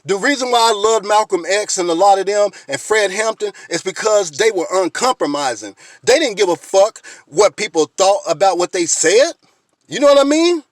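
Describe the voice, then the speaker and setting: A man with a very high-pitched voice rants straight into a close mic, blunt and fired up. His speech is profane and insistent, packed with rhetorical questions. The room is dry with no echo. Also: expressive, normal speed. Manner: blunt, fired-up, profane, keeps repeating "you know what I mean". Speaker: video blogger. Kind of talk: impassioned direct-to-camera rant.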